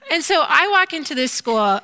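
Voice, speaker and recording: A woman giving a candid, self-deprecating personal faith testimony, telling her story in an animated way and acting out her own quoted lines. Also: high-pitched, normal speed. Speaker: mother sharing a faith testimony.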